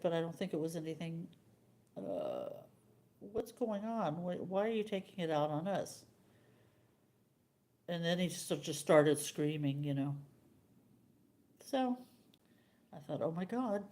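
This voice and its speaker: An older woman hosting a live stream, chatting casually with viewers and telling a rambling, halting story. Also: fairly low pitch, mellow.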